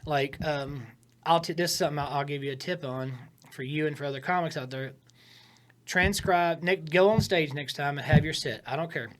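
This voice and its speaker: A man in casual podcast talk, coaching comedy writing in an emphatic, animated way, shifting his tone for effect. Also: fairly high pitch, normal speed. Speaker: comedian giving writing advice.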